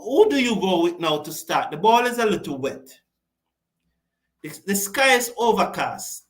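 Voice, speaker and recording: A man's voice: high-pitched, pushed and bright. A man from the West Indies, hosting live online cricket commentary, passionate and repeating points for emphasis while answering viewer comments.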